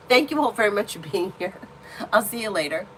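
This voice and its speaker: A woman in the middle of her vocal range, talking casually while she reads tarot cards on a live stream. She is candid and blunt, and she swears without holding back. Her voice stays mid-pitched and conversational. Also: animated, moderate pace, a bit bright, slight background noise, rough recording. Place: indoor room at home.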